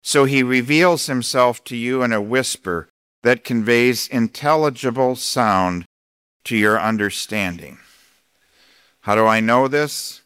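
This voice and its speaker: A man preaching a sermon as pastor, speaking deliberately and emphatically, slowing down to read scripture. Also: mid-range voice, a bit bright, clean tone, no room sound, clean studio sound.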